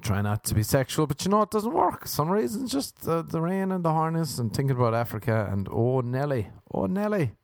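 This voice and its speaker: A man's voice: fairly high pitch, very animated, a little fast, gravelly, hardly any pauses, dry recording, clean studio sound. A man from Ireland with an Irish accent, hosting a solo comedy podcast, rambling through crude jokes and swearing. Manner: crude, swearing, jokey tangents and wordplay. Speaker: podcast host. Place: indoors at home by a window.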